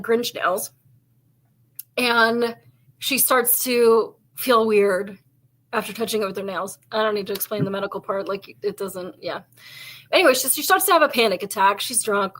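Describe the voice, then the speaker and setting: A woman with a fairly bright, high-leaning voice co-hosts a casual chat show and also works as a police officer. She tells her stories in a loose, rambling, chatty way, heavy on "like" and with the odd swear word.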